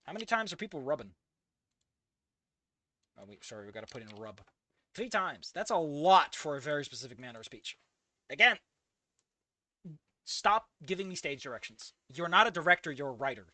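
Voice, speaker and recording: A man with a high, bright voice that swoops all over as he rants about a story. He swears freely and sounds exasperated. The sound is close and dry. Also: big pitch swings, brisk, long pauses, no echo. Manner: profane, exasperated ranting. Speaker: fan fiction reviewer. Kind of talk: casual commentary reading a story aloud.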